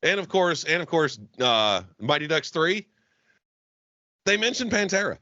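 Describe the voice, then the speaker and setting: A man's voice: a little high, very animated, measured pace, pushed and bright, no echo, dull audio. A man from the Southern US co-hosting a podcast, chatting casually with a profane, joking manner and frequent laughter. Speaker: podcast co-host. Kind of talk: casual comedic chat.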